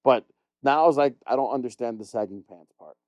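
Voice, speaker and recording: Fast-talking exasperated middle-aged man. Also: medium pitch, a little mellow, dry recording. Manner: blunt, exasperated ranting with frequent swearing. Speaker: podcast co-host. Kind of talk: casual chat.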